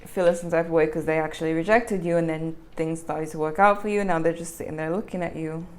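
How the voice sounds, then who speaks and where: A woman's voice: low-pitched, fairly even intonation, quick pace, darkish tone. A woman giving a casual tarot reading, chatty and self-correcting, with frequent laughs. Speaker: tarot reader.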